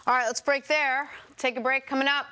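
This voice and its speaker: Brisk woman sports show host. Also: high-pitched, steady tone, sharp tone, smooth. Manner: brisk, segue-driven.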